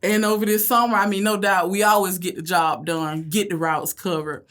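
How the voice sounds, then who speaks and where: A middle-aged woman with a Southern accent, a school bus driver telling animated stories in a conversational interview. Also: moderate pace. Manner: animated storyteller, acts out kids and herself in loud high voices.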